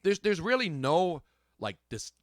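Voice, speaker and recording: Brash, lively man hosting radio banter. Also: sits high, measured pace, no echo. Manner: brash, joking, animated storyteller. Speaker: radio show host. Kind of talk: casual on-air banter.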